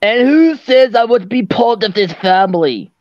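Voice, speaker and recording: A man's voice: extremely high pitch, animated, normal speed, no echo, lo-fi sound. A man doing a sarcastic grumpy ogre. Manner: gruff, sarcastic, tries a Scottish accent. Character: grumpy male ogre husband. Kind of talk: fan dub of an animated film.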